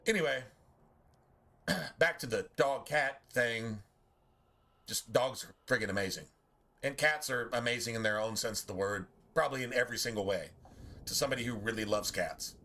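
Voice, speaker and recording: A man's voice: medium pitch, moderate pace, pauses often, bright, forceful tone. A man giving blunt, profane, rambling commentary while streaming a video game. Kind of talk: casual gameplay commentary.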